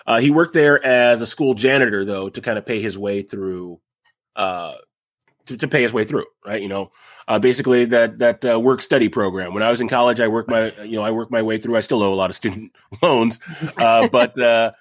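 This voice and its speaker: A man's voice: on the low side, brisk, no room sound. Podcast host, male, young adult, casual rambling storyteller, dry close mic. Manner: rambling, frequent fillers and restarts, jokey asides.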